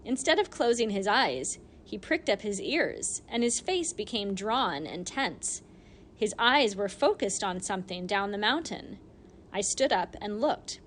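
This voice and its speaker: A woman narrating an audiobook in the first person, telling the story in an animated, expressive way. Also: mid-range voice, a little slow, slight background noise.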